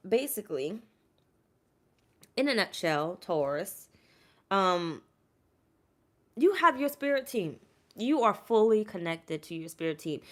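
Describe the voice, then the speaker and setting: A woman giving a casual, chatty tarot reading to viewers and calling them "y'all". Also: medium pitch. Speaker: tarot reader.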